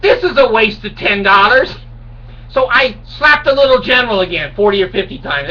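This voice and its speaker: With a high voice that's pushed and bright, lively in intonation and normal in speed, a man in his sixties tells a rambling, self-deprecating comic story to camera as a video blogger. The home recording sounds dull and distant, with faint hiss underneath.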